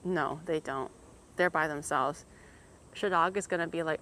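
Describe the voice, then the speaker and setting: A woman's voice: deep voice, moderate pace, long pauses, fairly bright tone, slight background noise. A woman streamer in casual chat, teasing and swearing freely and laughing often.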